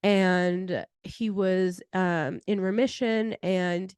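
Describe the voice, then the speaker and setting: A young adult woman hosting a podcast, telling a personal story in a chatty, animated way with many "like" fillers. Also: on the low side, very slow, clear, resonant tone, no echo, studio quality. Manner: chatty, heavy use of "like" fillers; animated retelling with laughter. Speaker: podcast host.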